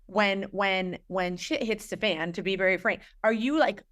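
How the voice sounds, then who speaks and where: A woman's voice: mid-range voice, normal speed, a bit bright. A woman hosting an interview show, asking frank, conversational questions that she rephrases as she goes. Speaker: podcast host. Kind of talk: casual interview chat.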